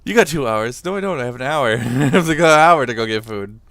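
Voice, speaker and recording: A man's voice: medium pitch, expressive, fairly quick, a bit bright, no echo. Laid-back swearing young man, dry close sound. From Boston area, USA. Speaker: podcast co-host. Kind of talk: casual chat.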